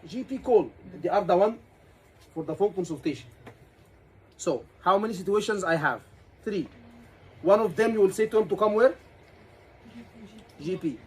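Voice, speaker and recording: High-voiced Egyptian-accented man teaching a class. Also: normal speed, pauses often, a little hiss or hum, rough recording. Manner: energetic, asks the class questions and repeats key words. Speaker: medical exam tutor.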